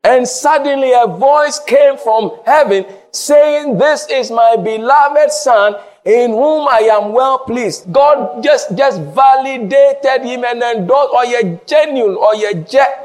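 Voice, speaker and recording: A man preaching a sermon, mixing Twi and English, swinging from shouted peaks to low, quiet lines. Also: takes it slowly, hardly any pauses, soft background music. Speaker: pastor.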